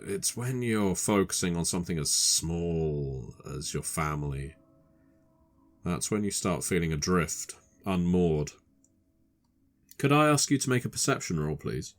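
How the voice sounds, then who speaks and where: Deep-voiced game master. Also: male voice, lively intonation. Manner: slow, atmospheric narration. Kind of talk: narrating a tabletop horror game.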